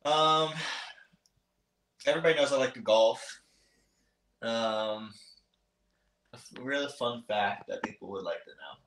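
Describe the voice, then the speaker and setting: A man's voice: medium pitch, unhurried, pauses often, a bit bright. A young man in his twenties, a podcast guest, chatting casually and hesitantly with many ums and restarts. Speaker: guest, motocross racer. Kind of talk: casual interview chat. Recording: roomy echo.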